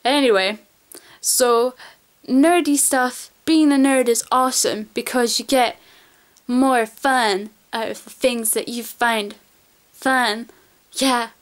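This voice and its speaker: A woman vlogger chats straight to camera in a loose, rambling way. She gushes about her favourite things, her voice sits a little on the high side, and she drops the odd swear word. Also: takes it slowly. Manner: chatty, rambling and gushing, with casual swearing. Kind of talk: casual chat to camera.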